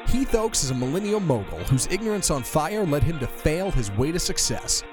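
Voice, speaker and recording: A man announces the show in a polished, showy style. His voice sits high and swoops widely. Loud guitar music plays underneath him. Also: sing-song, moderate pace. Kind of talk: scripted show intro over music.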